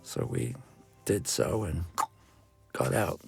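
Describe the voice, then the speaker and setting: Older male guest, gravelly, animated storyteller, faint music underneath. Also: rumbling low, slow. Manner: animated anecdotes, acts out shouted quotes. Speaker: interview guest, photographer. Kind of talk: storytelling in an interview.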